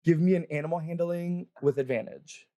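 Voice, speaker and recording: A man running a tabletop game as game master, narrating in a loose, rambling way full of fillers. His voice is dark and mellow, and the sound is dry and close. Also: a little high, fairly even intonation, a little fast, dry recording, highs cut off. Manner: rambling, lots of "like" fillers, laughs often.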